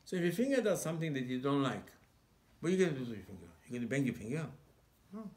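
A man's voice: medium pitch, big pitch swings, racing, a little mellow. A male rabbi giving an emphatic sermon, full of rhetorical questions and broken English.

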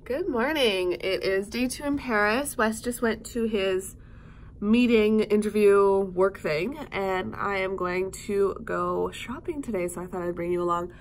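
A woman's voice: mid-range voice, a little slow, soft background music. A young woman chatting casually to camera in a travel vlog, bubbly and gushing, a little stuffed up with a cold. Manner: bubbly, gushing, many fillers and laughs. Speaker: vlogger. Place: hotel room and city streets.

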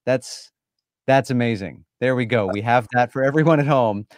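A man's voice: mid-range voice, normal speed, no room sound, studio quality. A man hosting a live stream, chatting with a guest in an effusive, enthusiastic way. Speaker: host. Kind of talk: casual live-stream chat.

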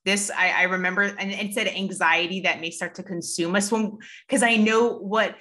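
A woman hosting an interview, enthusiastic and talking in quick, rambling restarts. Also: medium pitch, fairly even intonation, pushed and bright. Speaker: interview host. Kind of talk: conversational interview.

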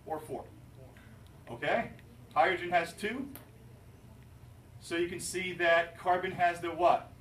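Animated high-voiced male chemistry teacher. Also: takes it slowly, pauses often, slight background noise. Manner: animated, jokey, asks students questions. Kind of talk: classroom lecture. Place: classroom. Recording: roomy, distant classroom recording.

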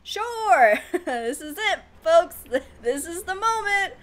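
A woman's voice: very high-pitched, expressive, slow, fairly bright tone. A woman giving casual gameplay commentary, flustered and self-mocking, laughing often. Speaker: let's play gamer.

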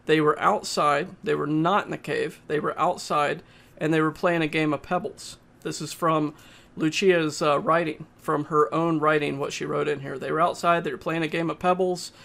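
A man giving a casual, halting spoken movie review, often pausing and restarting his sentences. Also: fairly high pitch, fairly even intonation, vocal fry, fairly bright tone. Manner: plain, halting, with frequent uhs and restarts.

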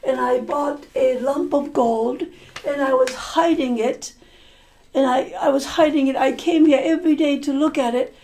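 A woman voicing a distraught male miser who has lost his gold, speaking in a hurried, rushed complaint as she tells the story. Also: high-pitched, mellow, pitched above the performer's own voice.

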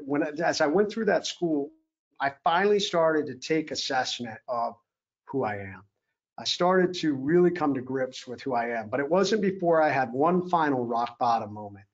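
Earnest man telling a story. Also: fairly high pitch. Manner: earnest, acts out quoted officers. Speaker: keynote speaker. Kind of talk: motivational storytelling talk. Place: event hall. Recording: slightly dull lo-fi sound.

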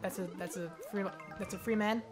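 A woman's voice: mid-range voice, steady tone, brisk, soft background music. A woman hosting casual let's-play commentary, joking, swearing and laughing often. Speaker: gaming channel host.

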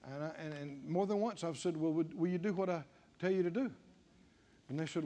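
A man's voice: fairly high pitch, expressive, a little fast, warm tone. An older man preaching a sermon and acting out back-and-forth dialogue, building to emphatic declarations.

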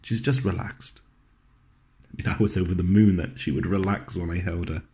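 A man with a very deep voice delivers a scripted dramatic monologue. He tells it in a gentle, wry way, dropping into low, soft passages. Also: moderate pace. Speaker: actor performing a monologue.

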